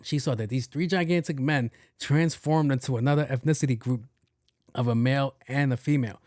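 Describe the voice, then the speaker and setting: A man of ordinary pitch hosts a solo podcast, spinning a comic story as a loose, profane rant. He acts out the other people in the story as he goes. The sound is close and dry, with no room around it. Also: a little fast, a little mellow, no echo. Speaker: podcast host.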